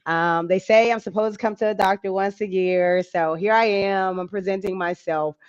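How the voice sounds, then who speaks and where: A woman's voice: mid-range voice, normal speed, smooth, muffled recording. A woman who is a medical doctor, speaking as a guest on a talk show, explaining things casually and acting out the voices of her patients. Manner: animated, acts out patients' voices.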